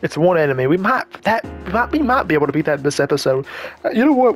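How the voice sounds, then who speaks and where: A man's voice: on the high side, big pitch swings, faint music behind. Rambling chatty young gamer guy. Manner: rambling, chatty, self-correcting, quick asides. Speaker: gaming YouTuber. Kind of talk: casual let's-play commentary.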